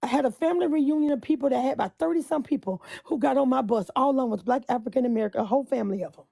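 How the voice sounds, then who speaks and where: A woman's voice: high-pitched, very fast, vocal fry, mellow, no echo, clean studio sound. A woman bus driver venting with passion on a live phone stream, repeating herself and breaking into hymn lines.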